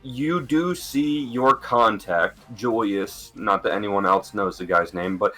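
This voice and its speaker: A man's voice: lowish voice, a little slow, bright, forceful tone, soft background music. A man narrating as game master in a casual, joking way.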